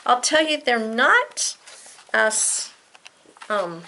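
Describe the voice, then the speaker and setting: Female teacher, bright gravelly voice, animated and encouraging with young pupils. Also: on the high side, very slow, slight background noise. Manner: animated, encouraging, speaks directly to kids. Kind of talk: children's lesson to camera.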